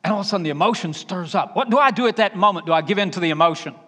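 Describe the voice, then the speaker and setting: A man with a Southern accent preaching a sermon, emphatic and conversational, dropping to quiet asides. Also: sits high, racing. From Alabama. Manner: emphatic, varies loudness, drops to quiet asides. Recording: reverberant hall.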